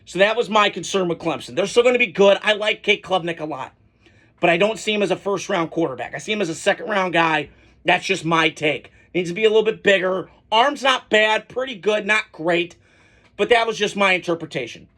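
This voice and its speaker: A man's voice: high voice, brisk, bright, forceful tone. A man hosting a college football podcast, giving casual, opinionated solo commentary with rambling asides and frequent restarts.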